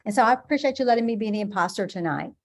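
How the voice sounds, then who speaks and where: Humble woman, mid pitch, lots of restarts and small laughs. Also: expressive, racing, a little hiss or hum. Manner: modest, stammering, laughing. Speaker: nonprofit finance director. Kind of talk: self-introduction on a video call.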